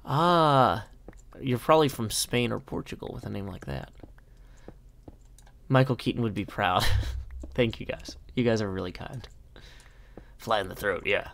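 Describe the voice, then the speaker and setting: A man's voice: mid-range voice, measured pace, vocal fry, pauses often, a bit bright. Man streamer, chatty and self-deprecating, casual live-stream chat. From Nashville, USA.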